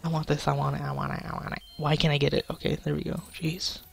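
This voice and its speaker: This gaming YouTuber is a young man who talks fast in a fairly high, vocal-fried voice with little pitch movement. Joking and cursing through his casual gameplay commentary, he chats with viewers and lets his frustration show.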